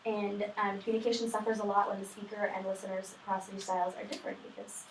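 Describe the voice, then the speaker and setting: A fast-talking young woman with a medium-pitched, level voice casually recaps her reading for her study group as the student presenter. She chatters with many fillers and self-mocking asides, and the room is echoey with a distant mic and faint noise.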